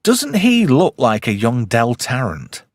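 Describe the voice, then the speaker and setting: A man from the north of England hosts a loose chat, joking and swearing as he goes. His pitch swings a lot, and his voice sits close and dry with no room around it. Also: measured pace, no echo. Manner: animated, swearing, jokey banter. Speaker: host. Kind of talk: casual chat.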